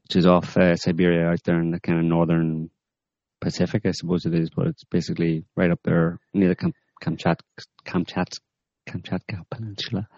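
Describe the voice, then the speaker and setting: A man hosting a podcast, rambling in a deadpan sarcastic way with many fillers. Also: sits low, brisk, dry recording, lo-fi sound. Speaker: podcast host. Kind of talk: sarcastic current-affairs chat.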